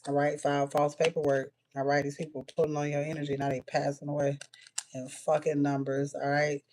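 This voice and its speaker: A woman's voice: low-pitched, completely flat delivery, fairly quick, background noise. A woman doing a casual spiritual reading for viewers, tossing out short blunt messages, saying "all right" a lot and cursing freely. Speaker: spiritual reader.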